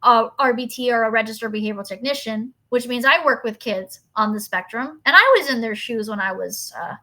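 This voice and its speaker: A young woman guest on a podcast talks in a casual, chatty way and sounds like an eager fan. Her voice is very bright and sits a little high. Her pace is quick and her delivery is lively.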